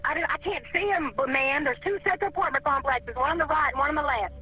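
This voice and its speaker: A woman's voice: high voice, fast. A frightened, tearful woman on an emergency call, panicked and pleading, stammering as she begs for help. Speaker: emergency caller. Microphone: phone. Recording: tinny phone line.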